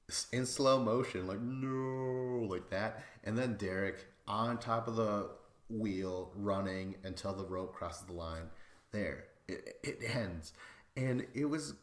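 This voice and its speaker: A man hosting a podcast, recapping casually in a rambling, excitable way and swearing freely. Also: on the low side, reverberant. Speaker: podcast host.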